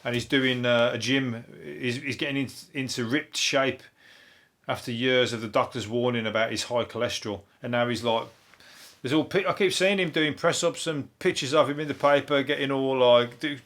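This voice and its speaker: A man's voice: medium pitch, normal speed, a bit bright. A man hosting a comedy podcast, rambling through the day's news with plenty of swearing and laughing at his own jokes. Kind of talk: casual comedic news chat.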